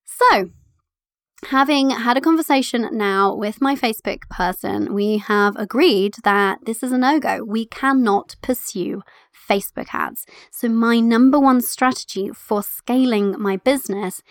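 A woman in her thirties talks through her solo podcast in a lively, chatty way, laughing easily as she goes. Her voice sits a touch high. The sound is close and dry, with no room echo. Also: measured pace. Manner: animated, chatty, laughs often. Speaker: podcast host.

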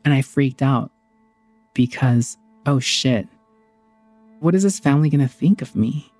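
A woman's voice: a bass voice, measured pace, mellow, no echo, faint music behind. A woman telling a personal story in a candid, heartfelt, conversational way.

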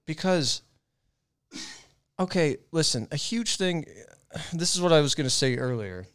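A man's voice: a little high, expressive, a little slow, fairly bright tone, clear, resonant tone. A young man co-hosting a podcast, talking in a loose, profane, rambling way with lots of restarts. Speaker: podcast co-host. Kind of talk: casual podcast chat.

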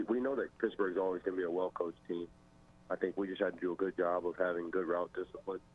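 A young male football player giving modest, measured post-game interview answers over a phone line. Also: low-pitched, husky. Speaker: football player, wide receiver.

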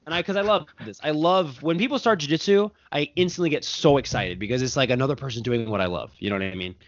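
A man's voice: mid-range voice, quick pace. A man who coaches jiu-jitsu, talking casually and at length on a podcast and often stopping to correct himself. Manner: animated, rambling, self-correcting. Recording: dull lo-fi podcast audio.

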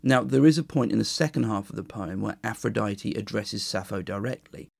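A man hosting a history podcast, explaining in a measured, enthusiastic way and reading a poem aloud. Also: fairly low pitch, creaky, darkish tone, no room sound. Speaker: podcast host. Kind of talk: educational podcast monologue and poetry reading.

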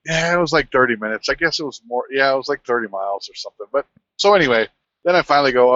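A man, a truck driver, telling a rambling, animated anecdote in casual conversation. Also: mid-range voice, fast, no echo, dull audio. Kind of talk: casual storytelling.

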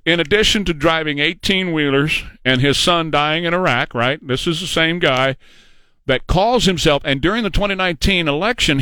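Man, fairly high voice, dry close sound, emphatic sarcastic political commentator, hammers points by repetition. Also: bright, forceful tone, dry recording. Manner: emphatic, sarcastic, repeats phrases for effect. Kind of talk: opinionated political monologue.

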